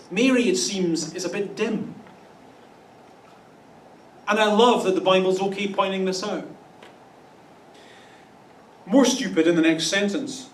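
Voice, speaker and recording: Wry high-voiced pastor in an echoey hall. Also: male voice. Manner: wry, playful asides with mock voices. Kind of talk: humorous Easter sermon. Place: church auditorium. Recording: echoey room, distant mic.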